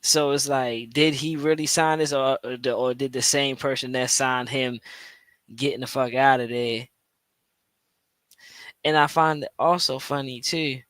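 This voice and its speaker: A man's voice: mid-range voice, fairly even intonation, unhurried, fairly bright tone, no echo. A man hosting a podcast, reacting to a played clip in casual, slangy commentary full of restarts and repetition. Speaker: podcast host.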